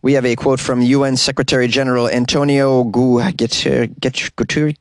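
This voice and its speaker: A man hosts a comedy news podcast from a small closet, reading stories and breaking in with sarcastic jokes. His medium-pitched voice is level and brisk, with no room sound.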